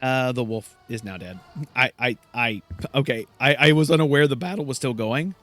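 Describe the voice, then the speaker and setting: A man's voice: mid-range voice, normal speed, a bit bright, dry recording, soft background music. A man commenting on his gameplay in a rambling, chatty, self-deprecating way. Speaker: gameplay host. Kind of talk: let's play commentary.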